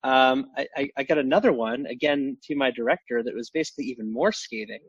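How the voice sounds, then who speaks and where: A man's voice: medium pitch, slightly rough, no echo, dull audio. A man speaking as a podcast guest in casual chat, stumbling over restarts and fillers. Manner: halting, many restarts and fillers.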